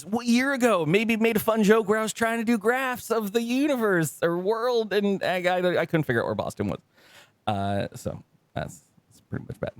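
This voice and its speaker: A man's voice: animated, fairly quick, no echo. Laughing man on a podcast, dry close mic. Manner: laughs often, acts out quoted people in goofy high voices. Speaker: podcast co-host. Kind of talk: casual podcast banter.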